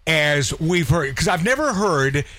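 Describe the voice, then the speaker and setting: A man hosting a casual radio chat, excitable, tripping over restarts. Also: fairly high pitch, normal speed, dry recording. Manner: excitable, stumbling restarts, laughs often. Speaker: radio host.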